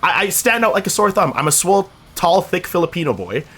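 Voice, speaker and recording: A man's voice: high-pitched, sing-song, fast talker, a bit bright, breathy edge. A young man streaming, telling a long story in a casual, rambling way, swearing freely and laughing as he goes.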